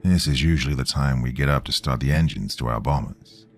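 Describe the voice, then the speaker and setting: A man voicing a weary, blunt American airman lieutenant who talks in curt, low, clipped lines. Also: a little fast. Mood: quiet.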